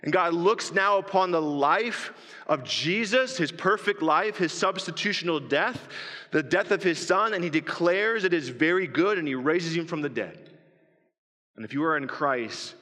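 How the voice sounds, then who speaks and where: Bright-voiced male pastor in a reverberant church. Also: fairly high pitch, moderate pace. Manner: rhetorical questions to the congregation. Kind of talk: sermon. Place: church sanctuary. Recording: long reverb of a church hall.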